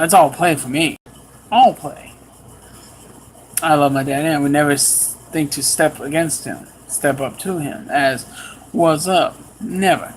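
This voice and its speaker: A man preaching a sermon, telling a personal story with animated swings in pitch and pace. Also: slight background noise, rough recording.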